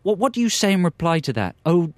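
A man's voice: sits high, very animated, quick pace, no echo. A man co-hosting a radio show, chatting casually in a wry, hesitant, self-questioning manner. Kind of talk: casual chat.

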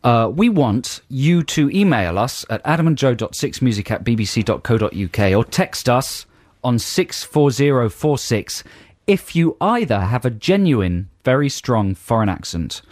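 A man co-hosting a radio show, explaining things in a wry, deadpan way. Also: mid-range voice, moderate pace, dry recording. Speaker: radio host. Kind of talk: casual radio chat. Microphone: studio mic.

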